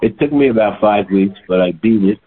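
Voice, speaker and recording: A man in his late seventies telling a story in a chatty, animated way, as a holistic health practitioner. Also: lowish voice, brisk, breathy edge. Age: older. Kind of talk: casual monologue. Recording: tinny phone-like sound.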